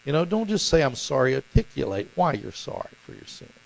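A man preaching a sermon as pastor, animated and acting out the voices in the stories he tells. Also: mid-range voice, brisk, creaky, rough recording. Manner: animated, acts out voices in quotes.

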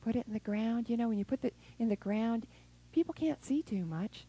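Animated woman preaching a sermon. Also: on the high side, a little fast, husky, poor audio. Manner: animated, acts out prayers and scenes with sound effects.

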